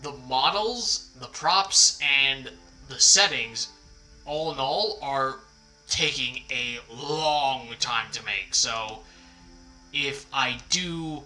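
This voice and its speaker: A man's voice: medium pitch, extremely slow, low-quality recording. A man casually chatting on a livestream as its host, rambling and apologetic, often poking fun at himself. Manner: rambling, apologetic, self-deprecating. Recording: background music under the voice. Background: quiet background music.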